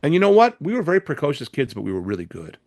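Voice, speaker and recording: A man in his seventies, a record producer appearing as an interview guest, telling stories in an animated way, with frequent restarts and repeated words. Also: fairly high pitch, very fast, dry recording. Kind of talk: anecdotal interview storytelling.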